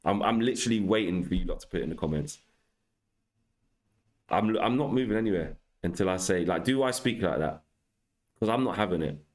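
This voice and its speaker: Low-voiced young man bantering on a livestream. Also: brisk, darkish tone. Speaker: livestream host. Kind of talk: casual livestream chat with viewers.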